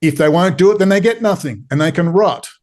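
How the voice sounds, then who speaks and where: A man with an Australian accent pleads his case as a podcast guest. His voice sits a little high for a man. He drives each point home with urgent repetition. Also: expressive, a little fast, a little mellow. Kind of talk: impassioned interview talk.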